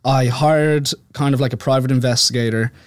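A man's voice: medium pitch, steady tone, normal speed, no room sound, studio quality. A man, an author guest on a podcast, telling his story in loose casual chat, filling his sentences with "like". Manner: rambling, heavy use of "like", laughs easily.

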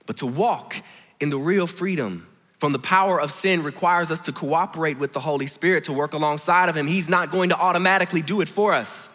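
High-voiced, bright male preacher in a hall. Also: fairly quick. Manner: storytelling preacher, swings from hushed to emphatic. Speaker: pastor. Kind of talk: sermon. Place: large church hall.

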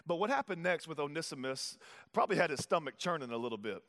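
High-voiced preacher in a hall. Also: male voice, lively intonation, fast talker. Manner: preaching with swings from hushed to loud. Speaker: pastor. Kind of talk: sermon. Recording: hall reverb.

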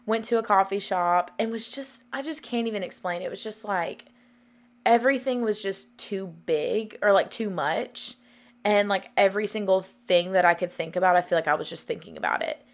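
A young woman in her twenties chats on her podcast in a loose, rambling way, filling her sentences with "like". She talks openly and emotionally, at a middle pitch for a woman. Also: normal speed. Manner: rambling, many "like" fillers, open and emotional. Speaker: podcast host. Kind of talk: casual confessional chat.

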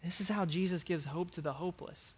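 A man's voice: high voice, fairly quick, slightly rough. A man preaching a sermon as pastor, earnest and emphatic, repeating his key phrases.

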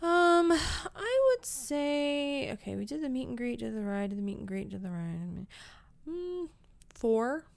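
A woman's voice: medium pitch, expressive, moderate pace, creaky, warm tone, dry recording. A woman co-hosting a casual chat about theme park tips, chatty and hesitant with ums. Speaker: co-host.

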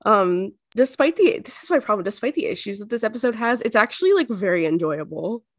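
A woman co-hosting a podcast, recapping an episode in casual chat full of fillers and quick bursts. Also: medium pitch, big pitch swings, dry recording, clean studio sound. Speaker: podcast co-host.

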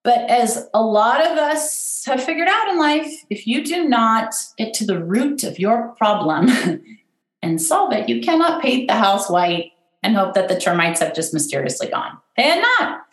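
A middle-aged woman, a guest who runs an event business, telling her story in a candid, self-deprecating and animated way. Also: on the high side, measured pace. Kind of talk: personal storytelling in conversation. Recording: roomy echo.

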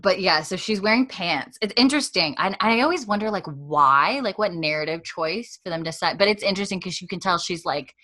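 Low-pitched woman, kinda sharp tone, rambling podcast recap with lots of "like". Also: animated, brisk, few pauses. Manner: chatty, filler-heavy with frequent "like". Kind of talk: casual chat recapping a TV episode. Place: warm indoor room with radiators.

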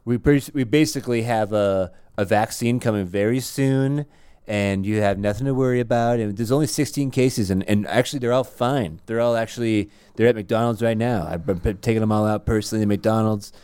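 Young man, non-native english speaker, smooth low voice, dry close sound. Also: a little fast, mellow, dry recording. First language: not English. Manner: wry, mocking paraphrases of politicians. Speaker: podcast co-host. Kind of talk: casual chat.

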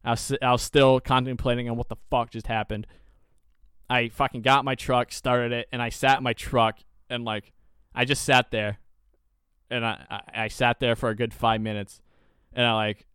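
A young man tells a story on his podcast in a loose, profane, animated ramble. His voice comes through smooth and resonant on a dry, close microphone. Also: mid-range voice, moderate pace, dry recording. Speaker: podcast co-host. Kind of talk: casual chat, storytelling.

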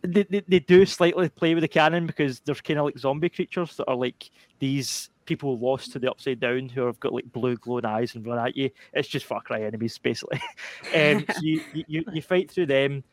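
A young man on a gaming podcast, telling a long story in a rambling, animated way with lots of fillers and restarts. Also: mid-range voice, a little fast, no echo. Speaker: podcast panelist. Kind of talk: casual chat.

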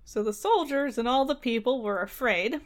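A woman reading a fairy tale aloud, breaking off for casual chat with wry, deadpan asides and frequent laughs. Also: a little high, normal speed.

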